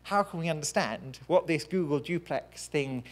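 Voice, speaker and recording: Presenter at a pub science night, chatty and self-deprecating, mid-pitched voice. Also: moderate pace. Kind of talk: public science talk. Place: live pub science event.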